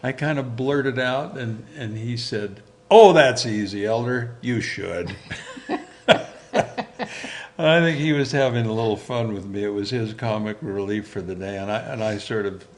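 An older man telling a personal story as an interview guest, animated and chuckling, acting out the dialogue he remembers. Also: on the low side, measured pace.

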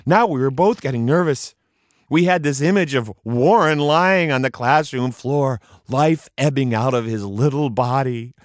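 A man telling a story from his own childhood as a performed piece, acting out the voices and dropping to a hush for suspense. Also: medium pitch, measured pace, no echo, studio quality. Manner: acts out the children's voices, drops to hushed tones for suspense.

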